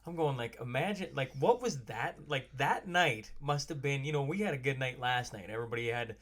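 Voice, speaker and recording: A man's voice: medium pitch, animated, brisk, fairly bright tone. Man, podcast host, casual, rambling questions. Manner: rambling, fills with "like". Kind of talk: casual interview chat.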